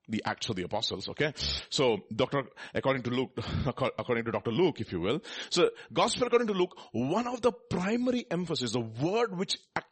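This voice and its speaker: A man's voice: mid-range voice, slightly rough. A man giving a sermon, reading scripture and asking the listeners questions. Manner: animated, asks the crowd questions, reads scripture aloud. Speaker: preacher. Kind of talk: sermon Bible teaching.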